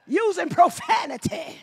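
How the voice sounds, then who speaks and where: A woman pastor, preaching a lively sermon, acting out scenes and often shouting. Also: very high-pitched, creaky. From Mississippi.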